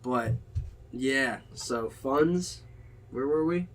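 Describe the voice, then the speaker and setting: A young man hosting a casual podcast chat, telling lively stories and swearing freely. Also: mid-range voice, very slow, rough recording. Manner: animated storyteller, swears a lot. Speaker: podcast host.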